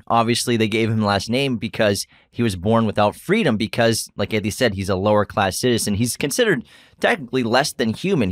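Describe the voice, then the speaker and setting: A man co-hosting a film podcast, rambling excitedly and restarting his sentences. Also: on the low side, dry recording, studio quality. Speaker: podcast co-host. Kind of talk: casual film discussion.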